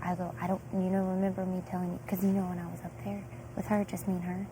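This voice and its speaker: A woman's voice: lowish voice, fast. Young woman gossiping, noisy feed. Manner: animated, acts out quotes with filler "like". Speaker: reality show contestant. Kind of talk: casual gossip. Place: indoor house.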